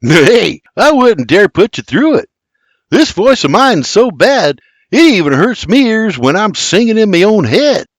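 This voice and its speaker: A man's voice: sits high, big pitch swings, a little slow, dry recording, studio quality, voice pushed up, exaggerated voice. A man doing a cheerful young farmhand. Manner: cheerful, charming. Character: friendly, charming young colonial farmhand.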